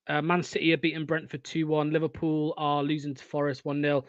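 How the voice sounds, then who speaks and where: Young guy fan-commentating footy live, high voice, swears loads, kinda dull lo-fi mic. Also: normal speed, dry recording. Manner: swears a lot, swings from excited shouting to deflated muttering. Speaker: fan watchalong host. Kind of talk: live football watchalong commentary.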